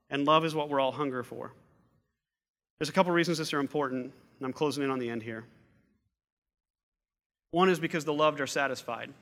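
A man's voice: mid-range voice, fairly bright tone. A middle-aged man preaching a sermon as pastor, earnest, repeating phrases for emphasis. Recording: long reverb of a large hall.

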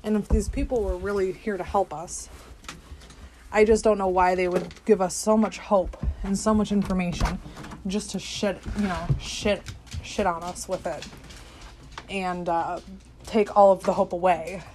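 A woman's voice: mid-range voice, steady tone, unhurried, background noise. A woman hosting a podcast, delivering a profane, skeptical political rant with exasperated outbursts. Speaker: podcast host. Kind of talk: ranting political monologue.

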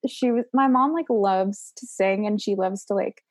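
A young woman in casual chat, telling a story in a giggly, animated way. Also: mid-range voice, moderate pace, no echo.

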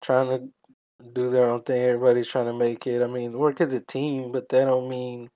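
A man's voice: medium pitch, monotone, moderate pace, dark tone. A young man co-hosting a podcast, laid-back and agreeable, swearing casually as he talks. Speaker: podcast co-host. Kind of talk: casual chat.

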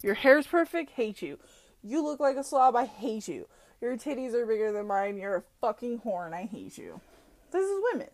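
A woman with a slightly high voice talks at a moderate pace, hosting a solo podcast. She rants bluntly and swears heavily, laughing often and mocking people while telling animated stories.

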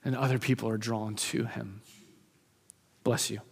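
A male preacher telling a story in a sermon, speeding up and slowing down for emphasis. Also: mid-range voice, creaky, breathy edge. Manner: lively storytelling, shifts from fast to slow, emphatic. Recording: long hall reverb.

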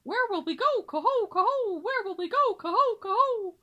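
Excited baby swans, as a woman puts them on for a storybook reading, squeaky and sing-song in a very high voice. The chanting leaps up and down with bright energy. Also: normal speed, lo-fi sound, full character voice.

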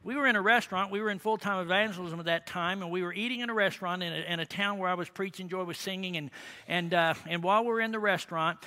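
Folksy middle-aged preacher, high and bright. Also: male voice, fast. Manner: folksy, rambling, frequent asides and tag questions. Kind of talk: sermon storytelling.

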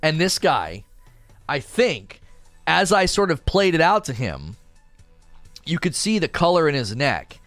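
A man's voice: fairly high pitch, measured pace, pauses often, dry recording, soft background music. A young man casually telling a story about an angry customer, acting out the voices and laughing often. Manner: animated, acts out quoted voices, laughs often. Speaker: storyteller recounting a customer encounter.

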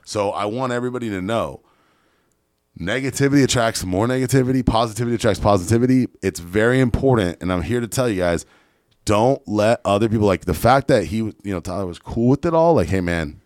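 A man telling a story in a casual podcast chat, animated and swearing freely. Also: fairly low pitch, no room sound, studio quality. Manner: fast, profane, animated storyteller. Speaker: podcast guest, real estate investor.

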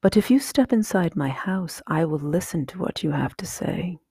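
A woman voicing a large, stern male owl in a slow, formal, measured whispered role-play, husky and close. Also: lowish voice, lively intonation, dark tone, no echo. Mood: coaxing.

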